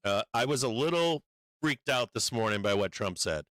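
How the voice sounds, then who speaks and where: A man's voice: mid-range voice, expressive, moderate pace, a bit bright, no echo, low-quality recording. A man giving casual livestream market commentary, blunt and profane, rambling with many fillers and urgent warnings. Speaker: stock market streamer.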